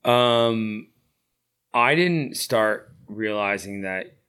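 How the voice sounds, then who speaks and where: Middle-aged guy with a real low voice, rambly storytelling, lots of "like" and "you know". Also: lively intonation, drawn-out words, fairly bright tone, smooth. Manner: rambling, many fillers, acts out quotes. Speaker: guest, founder of a veteran horse program. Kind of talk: casual storytelling interview.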